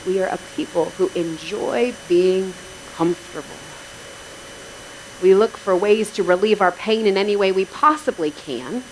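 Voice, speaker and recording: A woman's voice: medium pitch, a little hiss or hum, low-quality recording. Woman preaching with wry asides. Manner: conversational, wry asides to the congregation. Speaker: pastor. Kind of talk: sermon.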